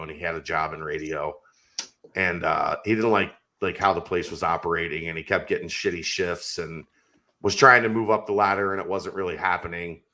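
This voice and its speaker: A man's voice: deep voice, bright, forceful tone. A man talking sports casually on a podcast as a guest, making his points emphatically. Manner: emphatic, argumentative.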